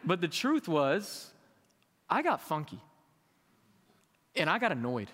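A man's voice: on the high side, big pitch swings, slow pace, a bit bright. A male pastor giving a sermon, candid and conversational, with emphatic rises in a reverberant church hall. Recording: echoey hall with long reverb.

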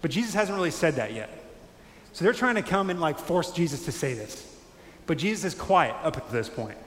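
Animated preacher in an echoey hall. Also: male voice, on the high side, a little fast, a little hiss or hum. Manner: animated, conversational, acts out quotes. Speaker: pastor. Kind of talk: sermon. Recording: echoey hall with faint ambience.

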